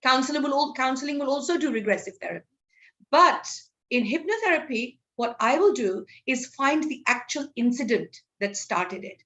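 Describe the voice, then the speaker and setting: A woman's voice: sits high, sing-song, a little fast, bright, forceful tone, muffled recording. A woman from Assam with an Assamese accent, a psychology counsellor explaining her work in an interview, switching between English and Assamese. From Assam, India. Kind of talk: interview answers.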